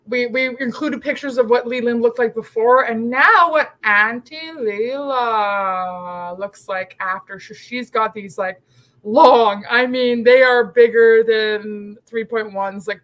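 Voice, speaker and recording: A woman guest on a podcast, chatting casually and animatedly, quick to laugh and exclaim. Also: fairly high pitch, fairly bright tone, low-quality recording. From Canada. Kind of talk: casual chat.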